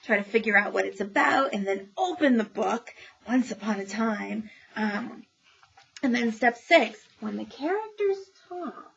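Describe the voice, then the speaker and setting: A woman librarian reviews new children's books in a casual chat, her voice a little high with vocal fry and a breathy edge. She says um a lot and tosses in opinionated asides, and the audio sounds dull.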